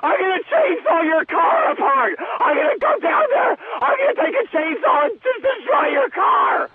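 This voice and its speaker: A man's voice: extremely high pitch, expressive, normal speed. Guy putting on a shrieking sobbing star on a crackly phone call, wild rage, voice flying all over. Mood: unhinged rage. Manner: screaming threats, crying while shouting. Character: raging, sobbing man claiming to be a movie star. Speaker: caller. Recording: tinny phone line with loud noise.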